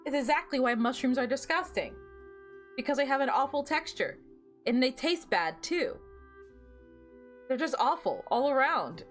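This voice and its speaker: A woman's voice: sits high, lively intonation, normal speed, pauses often, soft background music. A young woman streaming a game, chatting casually and giggling, with lots of fillers as she rambles. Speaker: VTuber streamer. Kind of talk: casual gameplay stream chat.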